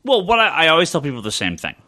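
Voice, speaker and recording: A lively man hosts a casual podcast chat, his bright voice leaping around in pitch. He rambles, restarts and swears easily. The sound is dry and close. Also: racing, no echo. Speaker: podcast host and comic shop owner.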